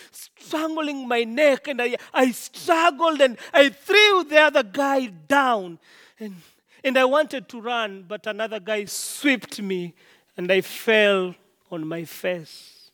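A preacher takes on a wounded traveler left by the road, telling his ordeal in the first person. The delivery is slow and halting, with words doubled and restarted as if reliving the shock. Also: high voice, fairly bright tone. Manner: halting, repeats words, dramatic retelling. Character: wounded robbed traveler man, shaken. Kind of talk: first-person dramatic monologue.

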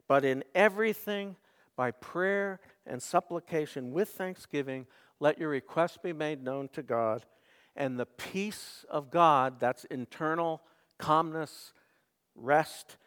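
A man preaching a sermon to his congregation, earnest, rising to emphatic peaks and then dropping soft. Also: on the high side, in a large hall. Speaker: pastor. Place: church sanctuary.

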